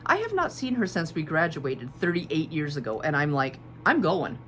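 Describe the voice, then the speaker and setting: Chatty woman in her fifties, lowish voice. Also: wildly swooping pitch, moderate pace. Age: 50s. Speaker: quilting channel host. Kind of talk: casual chat showing fabric. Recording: faint background hum.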